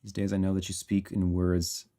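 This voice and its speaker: A man's voice: deep voice, monotone, normal speed, dark tone. A man composing music on a live stream, chatting casually, reading viewer messages aloud and laughing often. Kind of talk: casual livestream chat while composing.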